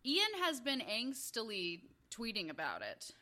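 A woman's voice: a little high, wildly swooping pitch, a little slow, bright, forceful tone. A young woman co-hosting a podcast, chatting casually and teasing her co-host with a playful laugh. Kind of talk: casual chat.

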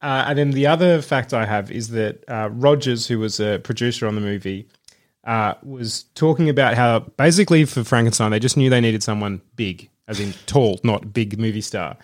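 A man's voice: mid-range voice, normal speed. A man co-hosting a casual film podcast, reading out facts with enthusiasm and frequent laughter. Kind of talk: casual chat.

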